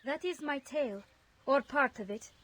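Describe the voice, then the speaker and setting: A woman voicing a grieving refugee mother in a fantasy game, speaking formally and gently. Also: high voice, normal speed, a crowd in the background, close to an everyday voice. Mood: sorrowful. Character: grieving mother, refugee mage from a desert land. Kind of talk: game voice acting.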